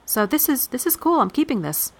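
A woman's voice: high voice, a little fast, creaky. A woman chatting as a podcast co-host, listing features step by step. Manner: listing things in a steady step-by-step way. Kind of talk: casual chat, walking through an app.

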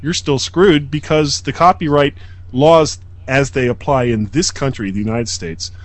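A man's voice: medium pitch, a little slow, no echo. A man co-hosting a casual tech podcast, arguing his point bluntly. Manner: blunt, argumentative. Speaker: podcast co-host.

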